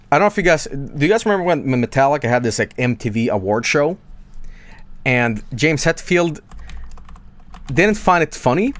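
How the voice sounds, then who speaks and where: A man's voice: medium pitch, no room sound. A man streaming from home, chatting casually to his viewers in a rambling, stammering way that keeps interrupting itself. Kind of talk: casual live-stream chat.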